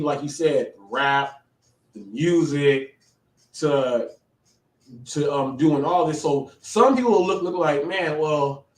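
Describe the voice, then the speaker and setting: A man hosting a casual live interview, talking in a rambling, slangy way with many restarts. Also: fairly high pitch. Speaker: host. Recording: echoey, distant from the mic.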